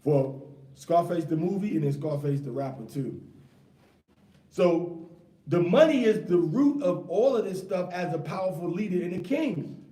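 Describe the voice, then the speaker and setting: Slangy, animated male Bible teacher. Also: high voice, unhurried. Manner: animated, slangy, quizzes the class with rhetorical questions. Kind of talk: informal scripture class teaching. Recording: echoey room, mic far off.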